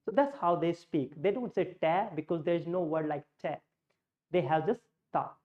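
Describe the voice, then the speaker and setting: A woman teaching pronunciation, slow and deliberate, repeating key words as she demonstrates sounds. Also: fairly low pitch, dull audio. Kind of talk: spoken English lesson.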